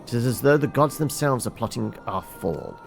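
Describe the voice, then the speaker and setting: A man's voice: mid-range voice, animated, normal speed, creaky, soft background music. A man playing a proud, anxious noble lord. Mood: indignant. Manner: formal, lofty diction with stumbles.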